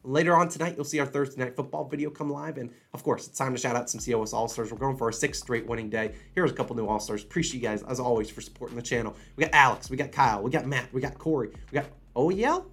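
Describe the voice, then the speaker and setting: A man rattles through his sports betting picks at a quick clip, in a middle-pitched voice. He talks casually and with energy, often restarting mid-phrase. He sounds slightly under the weather. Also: husky. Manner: fast, animated, conversational with restarts. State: slightly unwell. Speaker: sports betting channel host.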